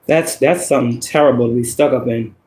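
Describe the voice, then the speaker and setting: A man's voice: mid-range voice, fairly quick, darkish tone, echoey room. A man giving a casual tarot reading, emphatic and profane, often laughing as he talks. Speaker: tarot reader.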